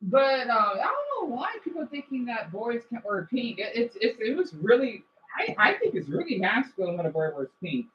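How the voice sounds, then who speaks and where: A woman chatting casually and excitably with her stream's viewers, her voice slightly high and bouncing up and down. She often stumbles and restarts her sentences. The phone mic makes her sound dull and lo-fi. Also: normal speed, few pauses, slight background noise. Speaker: game streamer reading chat. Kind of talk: casual livestream chat.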